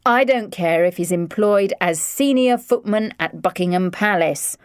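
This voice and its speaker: A woman's voice: on the low side, a little slow, clean tone, no echo, lightly acted. A woman voicing a stern exasperated father, clipped, firm, dry close sound.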